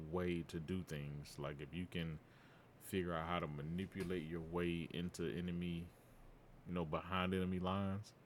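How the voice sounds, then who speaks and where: A man's voice: low voice, slight background noise. A man reacting casually to a video, laid-back and chuckling. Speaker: reaction streamer.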